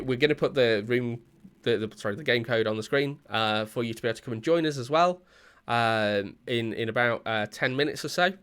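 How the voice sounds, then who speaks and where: A man's voice: fairly low pitch, fairly bright tone, clear, resonant tone. A man co-hosting a casual podcast chat, talking hesitantly with lots of fillers and false starts. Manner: rambling, hesitant, many fillers.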